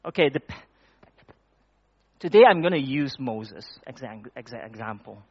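A man preaching a conversational sermon in a church hall, often pausing and restarting his words. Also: mid-range voice, expressive, slightly rough. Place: church hall with projected slides. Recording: dull lo-fi recording.

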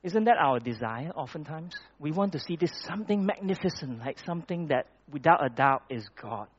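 A man preaching a conversational sermon in a church hall, often pausing and restarting his words. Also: fairly high pitch, animated, slight background noise. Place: church hall with projected slides. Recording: dull lo-fi recording.

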